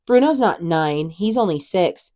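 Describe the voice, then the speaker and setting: A woman's voice: lowish voice, animated, unhurried, dark tone, no echo, studio quality. Sing-song taunting child bully, voiced by a woman. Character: mean teasing child bully.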